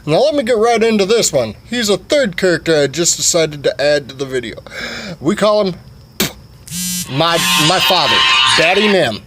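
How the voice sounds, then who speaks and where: A man's voice: on the high side, big pitch swings, normal speed, noisy background. A man vlogging a comic story in a rambling, profane way with many fillers.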